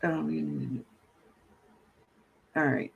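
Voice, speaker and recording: A man hosting a casual gardening livestream, greeting viewers warmly and reading out their comments with a relaxed drawl. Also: on the high side, drawn-out words, creaky, husky, dull audio. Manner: drawling, greets viewers as baby, laughs often. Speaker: livestream host. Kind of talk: casual live-stream chat reading comments.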